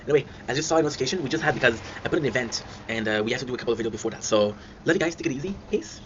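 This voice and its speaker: Fast-talking man, laughing storyteller. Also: medium pitch, lively intonation. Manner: rambling, laughs through his stories. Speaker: channel host. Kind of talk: casual storytelling. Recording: dull lo-fi sound with clear noise.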